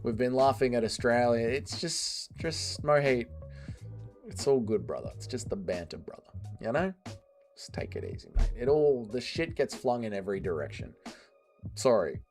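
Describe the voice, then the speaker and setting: A man's voice: mid-range voice, lively intonation, moderate pace, darkish tone, faint music behind. A man hosting a livestream, reading viewer comments aloud with joking, profane banter. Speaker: livestream host.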